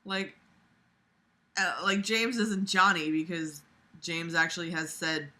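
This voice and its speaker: A woman's voice: lowish voice, steady tone, slow, pushed and bright. A woman reading a fan story aloud and breaking off into sarcastic, profane commentary full of fillers. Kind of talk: dramatic reading with mocking commentary.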